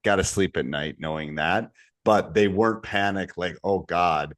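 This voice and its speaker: A man with a very low voice talks through youth basketball coaching as a podcast co-host. His delivery is relaxed and story-driven, often dropping quieter for asides. The recording is dry and close. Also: normal speed, no room sound. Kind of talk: casual podcast chat.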